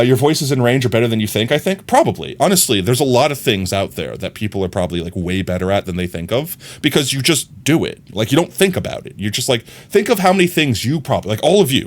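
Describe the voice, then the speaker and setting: Male streamer, lively up-and-down delivery, rambling casual chat, home room, desk mic. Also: mid-range voice. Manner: rambling, animated, talks straight to chat. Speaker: live streamer. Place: his own room.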